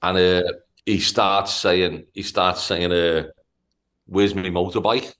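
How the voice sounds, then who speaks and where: A man from Liverpool with a Liverpool accent, telling a profane, animated story on a casual podcast. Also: low-pitched, slow pace. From Liverpool, England. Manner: profane, animated anecdote-telling with stammered restarts. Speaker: podcast host.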